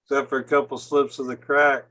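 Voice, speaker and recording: Bright-voiced, easygoing man. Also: medium pitch, level tone, fairly quick, a little hiss or hum. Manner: easygoing, laughs often, trails off quietly. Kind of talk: casual podcast banter.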